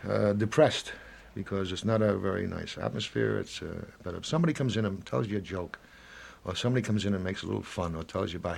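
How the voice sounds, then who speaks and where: A man in his seventies speaking in an interview, rambling and halting, often acting out little snatches of dialogue. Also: sits low, creaky, slightly rough. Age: 70s. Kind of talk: reflective interview talk.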